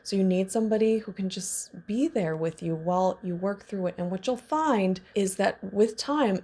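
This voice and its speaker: A woman in her thirties talks through trauma healing steps as a coach, frank and conversational, often laughing and sharing her own experience. Her voice sits in a middle pitch with a gravelly, fry-edged texture. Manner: warm candid talk with laughs and self-disclosure. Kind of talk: casual teaching monologue.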